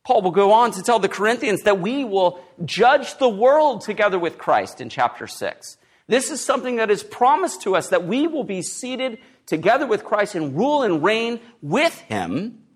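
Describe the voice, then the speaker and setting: A man's voice: on the high side, big pitch swings, normal speed. A man preaching an expository sermon as pastor, with emphatic stresses.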